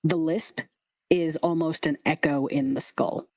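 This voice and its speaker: A woman running a tabletop game, describing scenes in a relaxed, chatty way. Her voice is low and sits dry and close. She throws in casual asides as she goes. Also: measured pace, dry recording. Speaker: game master.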